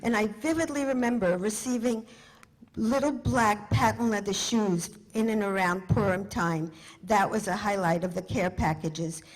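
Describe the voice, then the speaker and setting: A woman in her seventies, from France, telling her family's story to an audience with animated emphasis. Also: medium pitch, moderate pace, rough recording.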